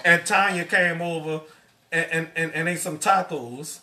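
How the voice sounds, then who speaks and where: Man, cooking stream host, high bright voice, stammering ramble, echoey kitchen, off-mic. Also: steady tone, a little slow, far from the mic, a little hiss or hum. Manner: stammering, rambling, repeats words. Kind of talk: casual live-stream chat. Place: home kitchen.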